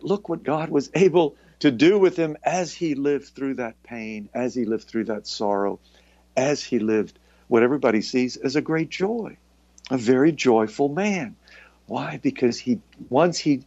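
A man's voice: medium pitch, a little mellow, no echo. A man delivers a sermon in a reflective, searching way, circling back and restarting his phrases as he goes. The recording is dry and slightly muffled. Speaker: preacher.

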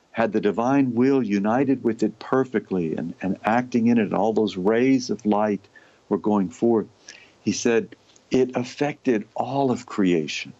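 A man reading aloud from a devotional text and explaining it in a deliberate way, lingering on long lists of words. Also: lowish voice, darkish tone, no echo. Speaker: religious teacher. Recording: dull, lo-fi, dry recording.

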